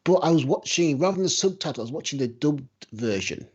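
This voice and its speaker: A man, telling an animated, emphatic story in casual podcast chat over a muffled remote line. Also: a little high, fast talker, breathy edge.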